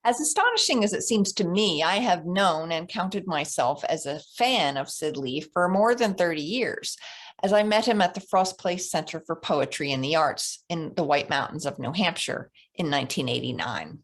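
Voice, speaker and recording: A woman's voice: lowish voice, expressive, normal speed. A woman hosting a literary reading, introducing the next guest in an admiring way. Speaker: event host introducing a guest.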